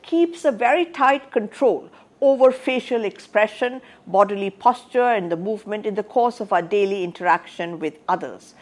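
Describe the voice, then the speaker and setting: A woman lecturing on sociology in a measured academic style, with frequent "uh" fillers and restarts. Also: mid-range voice.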